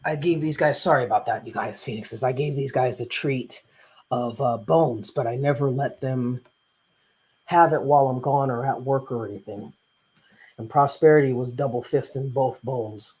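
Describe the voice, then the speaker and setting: A man's voice: medium pitch, moderate pace, darkish tone, breathy edge. A man hosting a casual live stream as a coach, rambling and preachy with self-interruptions, who recites psalms aloud.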